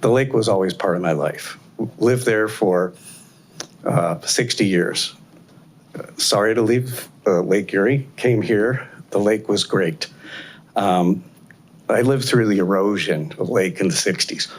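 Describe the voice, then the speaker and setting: Older man, blunt halting public comment. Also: lowish voice. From Ohio. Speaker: resident giving public comment. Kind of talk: public comment at council meeting. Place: council chamber.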